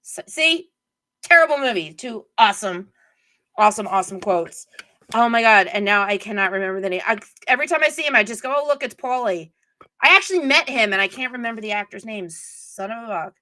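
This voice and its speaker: A woman's voice: mid-range voice, animated, quick pace, bright, forceful tone. A middle-aged woman hosting a live stream, chatting casually and digressively while reading viewer comments.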